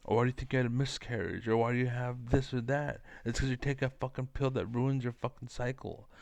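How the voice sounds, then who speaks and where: A man's voice: medium pitch, fairly even intonation, a little fast, creaky, darkish tone, dry recording. A man giving a rambling, profane, combative monologue to camera as a vlogger.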